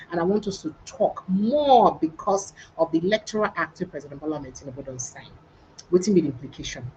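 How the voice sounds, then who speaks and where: A woman's voice: lowish voice, muffled recording, a little hiss or hum. Chatty Nigerian woman hosting a news livestream. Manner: chatty, mixes in pidgin, reads headlines with asides. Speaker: news show host. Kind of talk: casual news commentary livestream.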